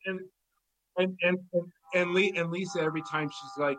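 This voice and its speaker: Halting man in casual chat. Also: high voice, fairly even intonation, a bit bright, a little hiss or hum, poor audio. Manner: halting storyteller with many fillers and repeated words.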